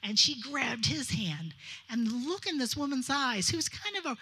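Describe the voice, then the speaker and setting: Bright-voiced woman telling a wedding story. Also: sits high, normal speed, breathy edge. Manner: lively, animated, quotes others in dialogue. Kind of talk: anecdotal storytelling.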